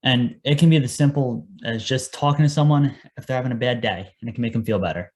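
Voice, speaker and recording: A man's voice: mid-range voice, fast, a little mellow. Earnest young man telling his story. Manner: earnest storytelling, acts out his own past lines. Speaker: guest, paramedic. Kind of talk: casual podcast interview.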